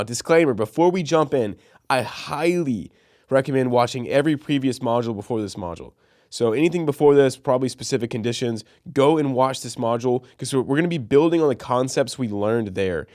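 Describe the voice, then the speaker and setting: A man's voice: medium pitch, darkish tone. A young man in his twenties teaching an online copywriting course in an earnest, motivational way, with many fillers. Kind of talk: casual teaching to camera.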